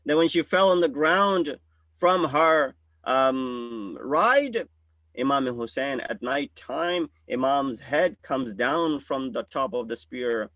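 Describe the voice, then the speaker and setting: A man's voice: mid-range voice, lively intonation, slow pace, fairly bright tone, dry recording. A man, a religious scholar, telling a solemn story in a mourning sermon.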